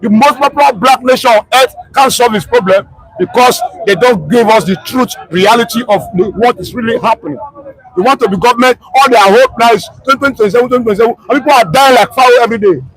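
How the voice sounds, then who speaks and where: Nigerian man, street vox pop, pidgin-tinged, impassioned, high-pitched. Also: fast talker, a bit bright, low-quality recording. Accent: Nigerian Pidgin-tinged English. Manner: impassioned, repetitive, emotional. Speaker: street interviewee. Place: outdoor street.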